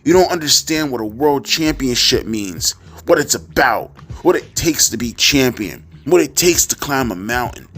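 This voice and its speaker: A man reading a grandiose male wrestler's speech aloud in a mocking, overblown way that builds to shouts. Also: mid-range voice, expressive, moderate pace, hardly any pauses. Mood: mock intense. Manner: mock-dramatic, rising to shouts.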